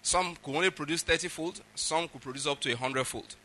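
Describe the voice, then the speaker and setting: Bright-voiced pastor preaching. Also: male voice, a little high, fast, a little hiss or hum. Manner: emphatic, often checks that listeners follow. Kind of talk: sermon.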